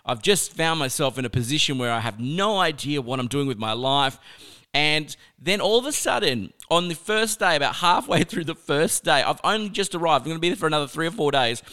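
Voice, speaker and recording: Smooth-voiced man telling a lively story. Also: fairly high pitch, a little fast. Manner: chatty, animated, laughs through the story. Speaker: speaker sharing a life lesson. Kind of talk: personal storytelling.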